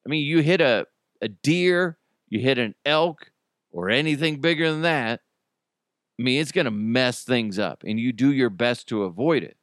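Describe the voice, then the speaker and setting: A man's voice: medium pitch, moderate pace, a bit bright, no room sound, studio quality. A man hosting a podcast, riffing on news stories in a blunt, profane, laughing way. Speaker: podcast host. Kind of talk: casual news commentary.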